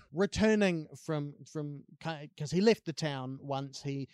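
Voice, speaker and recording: A man's voice: on the high side, slow, darkish tone, clear, resonant tone, no echo, studio quality. A Scottish man co-hosting a podcast, chatting casually about a film with jokey asides and frequent laughter. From Scotland. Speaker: podcast co-host.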